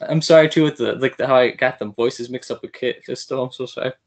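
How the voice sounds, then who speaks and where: A man hosting a podcast interview, excitable and apologetic as a starstruck fan. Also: medium pitch, fast, vocal fry. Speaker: podcast host. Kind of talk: casual interview chat.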